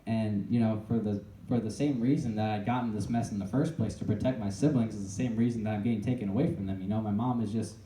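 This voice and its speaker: Earnest young man, dark and distant. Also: fairly low pitch, fairly even intonation, slight background noise. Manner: earnest and halting, often restarting sentences. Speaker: speaker telling his own story. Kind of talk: personal testimony to a live audience. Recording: echoey room, voice picked up from a distance.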